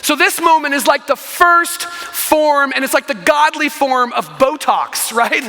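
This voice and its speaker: A man preaching a sermon as pastor, telling the story in an animated way with frequent asides to the congregation. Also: very high-pitched, measured pace, long reverb tail, soft background music. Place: church sanctuary.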